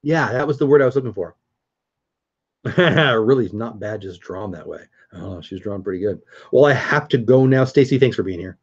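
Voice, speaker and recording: A man's voice: on the low side, animated, normal speed, slightly rough, lo-fi sound. A middle-aged man hosting a casual live stream, chatting upbeat with viewers and answering their comments.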